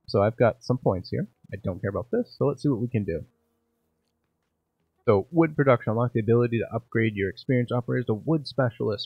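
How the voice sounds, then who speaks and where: A man's voice: lowish voice, creaky, husky, no echo, dull audio. A man casually commenting while playing a game, thinking aloud and joking about himself. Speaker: gaming channel host. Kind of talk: let's play commentary.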